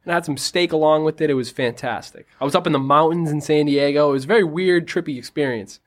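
A man's voice: fairly high pitch, fast talker. A man from Quincy co-hosting a podcast, laid-back, with short quips in casual chat. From Quincy, Massachusetts. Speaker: podcast co-host.

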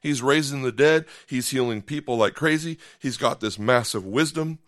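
A man's voice: medium pitch, moderate pace, fairly bright tone, no echo, studio quality. A man preaching a podcast sermon in a conversational way, acting out short voiced asides and often checking in with "okay?". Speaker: pastor.

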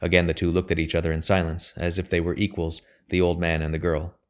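A man narrates a classic novel in a very deep voice. His reading is steady and measured, with a calm, even delivery. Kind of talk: audiobook narration of a period novel.

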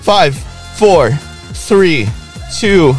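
A man's voice: fairly high pitch, expressive, faint music behind, low-quality recording. A young man co-hosting a casual improv comedy podcast, goofy and laughing often. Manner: goofy, laughs often, slow drawn-out delivery. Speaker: podcast co-host.

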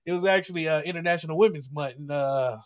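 A man hosting a casual podcast quiz game, joking and laughing between slowly read clues. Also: fairly high pitch.

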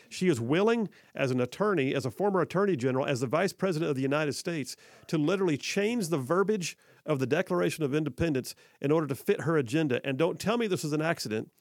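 A man's voice: fairly high pitch, dry recording, clean studio sound. A man hosting a talk radio show, delivering an emphatic, sarcastic opinion monologue that repeats for effect.

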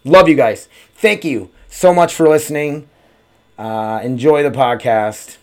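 A man's voice: medium pitch, animated, slow, darkish tone, clear, resonant tone. A man hosting his own podcast at home, talking casually in a rambling way with lots of swearing and "uh" fillers. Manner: rambling, profane, frequent "uh" fillers. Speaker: podcast host. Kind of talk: casual solo podcast chat.

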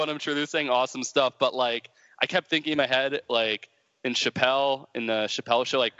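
Bright-voiced man rambling, reverby lo-fi sound. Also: mid-range voice, steady tone, brisk, smooth. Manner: rambling, laughing, lots of fillers. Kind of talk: casual chat.

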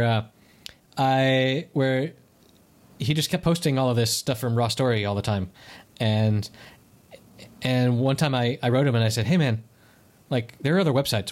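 A man hosting a podcast in casual chat, with dry, teasing asides. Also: medium pitch. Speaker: podcast host.

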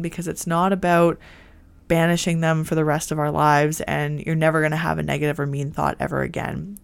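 A woman hosting a self-help podcast, talking in a gentle, reassuring and encouraging way. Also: low voice, creaky, smooth. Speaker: podcast host.

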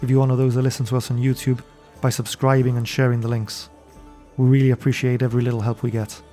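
A man narrating a fantasy tabletop game as game master and podcast host, telling the story in a measured way from a studio. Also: medium pitch, level tone, warm tone, soft background music. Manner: measured storytelling, then chatty sign-off.

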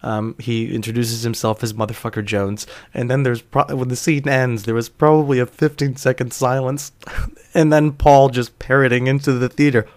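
A man's voice: mid-range voice, little pitch movement, moderate pace, a little mellow, no echo. A young man hosting a podcast, telling a personal story in a wry, self-deprecating way with casual profanity. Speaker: podcast host.

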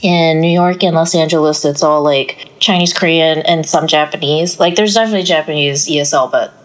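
A woman's voice: deep voice, a little fast, rough recording. A woman talking as a guest on a casual podcast, chatty and leaning on "like" as filler. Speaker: executive director of an arts organization, guest.

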